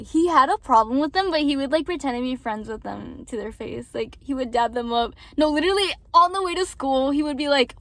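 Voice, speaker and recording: A young woman with a high voice talks straight to her viewers about an ex. She rambles, swears a lot and keeps saying sorry, slipping between quiet asides and louder outbursts. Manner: rambling, frequent swearing and apologies. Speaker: vlogger. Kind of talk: casual venting to viewers.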